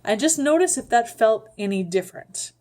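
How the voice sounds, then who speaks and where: A woman giving a calm, unhurried voice lesson, guiding the listener step by step with frequent ums. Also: fairly high pitch. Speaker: voice teacher. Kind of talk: vocal instruction with sung demonstrations.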